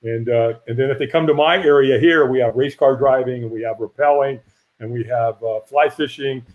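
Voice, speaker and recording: A middle-aged man, a firewalk instructor, telling a lively story in a casual interview and acting out the voices of people he quotes. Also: medium pitch, fairly quick. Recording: dull lo-fi audio.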